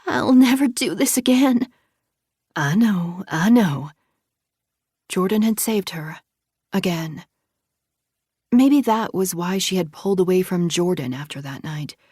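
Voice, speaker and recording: A woman narrating a suspense audiobook in a hushed, tense read. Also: fairly low pitch, dry recording, studio quality. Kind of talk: scripted narration.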